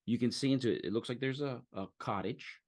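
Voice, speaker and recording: A man as game master, describing a scene in a halting way with many fillers. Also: medium pitch, darkish tone. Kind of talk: narrating a tabletop game.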